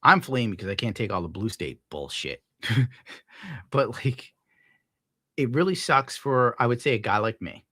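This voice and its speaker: Profane, rambling male streamer, lively pitch. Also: normal speed, long pauses, dry recording, studio quality. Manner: profane, rambling, laughs often; scolds his dog loudly mid-talk. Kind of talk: casual rant on a live stream.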